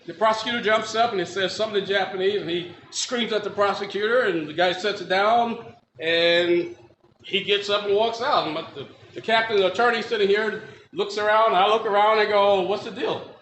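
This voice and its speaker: A man's voice: high voice, fairly even intonation, moderate pace, a bit bright, slight background noise. A man from Milwaukee giving a personal testimony, acting out the voices of the people in his story. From Milwaukee, Wisconsin. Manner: acts out dialogue in quotes, laughs at his own story. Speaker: testimony speaker. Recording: echoey room with faint ambience.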